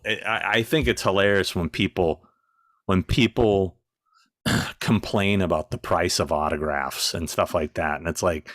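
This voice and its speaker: Middle-aged man, very deep voice, blunt and exasperated, dry close mic. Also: fairly bright tone, no echo. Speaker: guest. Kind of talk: casual anecdote telling.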